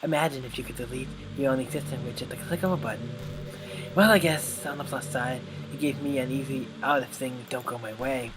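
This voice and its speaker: A man voicing an obsessive, lovestruck young woman from a video game in a soft, slightly menacing tone, with game music behind. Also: mid-range voice, fairly quick, natural voice, poor audio. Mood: wistful. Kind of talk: reading game dialogue aloud.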